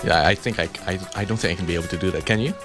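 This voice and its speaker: Young radio host, low voice. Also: male voice, rapid-fire, over music. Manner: upbeat, laughs often, repeats words. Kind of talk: casual on-air banter. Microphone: studio microphone.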